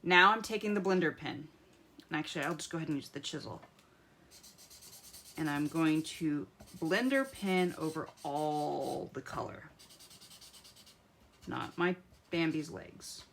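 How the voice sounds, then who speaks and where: Woman, lowish voice, live craft tutorial host, chatty, mutters to herself, faint pen scratching behind. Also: lively intonation, measured pace, gravelly, long pauses, fairly bright tone, a little hiss or hum. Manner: chatty, talks to herself while coloring, drops to mutters. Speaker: craft demonstrator.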